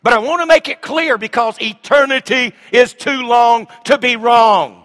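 Middle-aged man, pastor mid-sermon, bright ringing tone, big dynamic swings. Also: very high voice, measured pace. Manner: swings from shouting to hushed asides.

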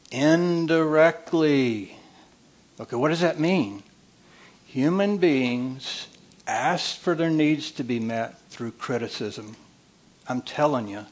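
A man, a marriage counselor giving a humorous talk with folksy storytelling and repeated phrases. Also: a little high.

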